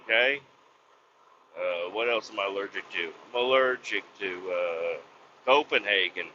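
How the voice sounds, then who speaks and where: A man hosting a podcast, ranting bluntly with lots of swearing and sudden loud outbursts. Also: lowish voice, a little slow, slight background noise. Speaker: podcast host. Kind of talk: profane comic rant. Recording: slightly dull lo-fi recording.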